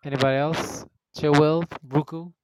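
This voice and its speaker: A man with a smooth, clear voice and slightly higher pitch leads a casual group voice chat. He calls out options and counts votes in an upbeat way. The sound is close and dry. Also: fairly even intonation, moderate pace, dry recording. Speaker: host running a movie vote.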